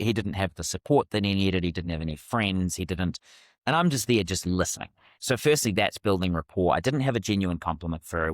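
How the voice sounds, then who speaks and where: A middle-aged man talks through his sales experiences as an interview guest. His voice sits low, and he tells stories with animation, often circling back to restart a phrase. The sound is close and dry. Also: no room sound. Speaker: podcast guest, communication coach. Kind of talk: casual interview storytelling.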